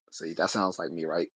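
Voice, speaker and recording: A man's voice: low-pitched, sharp tone, slightly rough, no room sound. A man hosting a casual livestream, reading chat comments aloud and answering them in a conversational way, laughing often and restarting his sentences.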